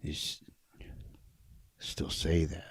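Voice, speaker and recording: A man's voice: rumbling low, level tone, takes it slowly, husky, no echo, in a whisper, studio quality. A man co-hosting a podcast, teasing and joking in casual chat. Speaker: podcast co-host.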